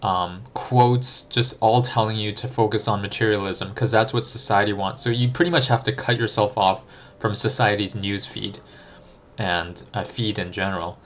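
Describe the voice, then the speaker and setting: A man's voice: lowish voice, fairly even intonation, normal speed, fairly bright tone, slight background noise. A young adult man streaming live, answering chat in a reflective, thinking-aloud way with frequent ums and restarts. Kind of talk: casual livestream chat.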